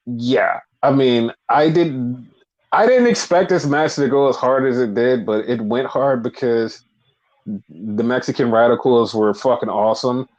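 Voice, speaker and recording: A man co-hosting a casual wrestling recap podcast, blunt and profane, talking in an animated, opinionated way. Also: medium pitch, measured pace. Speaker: podcast co-host. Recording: dull lo-fi podcast audio.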